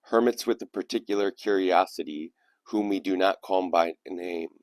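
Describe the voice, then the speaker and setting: Deep-voiced man hosting a poetry reading. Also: moderate pace, dry recording. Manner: reflective, digressive. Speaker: channel host. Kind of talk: casual commentary and poetry reading.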